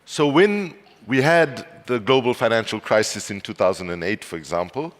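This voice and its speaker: A man's voice: mid-range voice, lively intonation, moderate pace. A man from South Africa giving a conference speech, telling anecdotes with wry humor and building to emphatic passion. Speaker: speaker. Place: large conference hall. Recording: long hall reverb.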